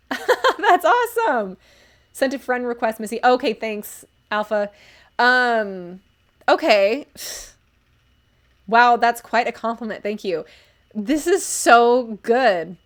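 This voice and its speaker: A woman's voice: on the high side, slow, pauses often. Gushing, chatty young woman streamer. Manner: gushing, enthusiastic, chatty with many fillers. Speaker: livestream book reviewer. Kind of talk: casual live-stream commentary.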